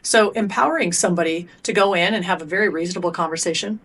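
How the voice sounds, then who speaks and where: A middle-aged woman speaks as a podcast guest. Her voice sits somewhat low, and her talk is blunt and lively. She swears casually and acts out the coach and the athlete in turn. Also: quick pace, husky. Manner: animated storyteller acting out coach and athlete exchanges. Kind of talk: podcast interview.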